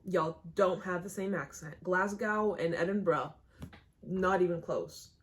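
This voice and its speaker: A woman's voice: on the low side, unhurried. A young American woman hosting a reaction video, chatting casually and exclaiming questions aloud. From United States.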